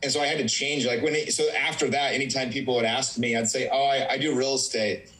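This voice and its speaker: A man's voice: mid-range voice, fairly even intonation, fast talker, a bit bright, low-quality recording. A young man, a real estate agent, telling casual stories in a rambling way full of "like". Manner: rambling, heavy use of "like". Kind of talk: casual conversational storytelling.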